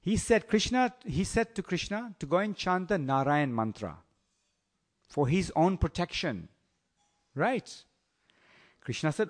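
Animated male preacher telling a story. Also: high voice, measured pace, long pauses. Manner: animated, teasing, asks the audience questions. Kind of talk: storytelling sermon.

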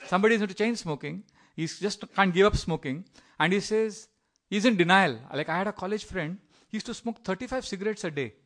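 A man's voice: high-pitched, brisk, fairly bright tone. A middle-aged man giving a sermon in a conversational storytelling way, often acting out the voices of people in his stories. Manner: conversational, with fillers and small laughs. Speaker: preacher.

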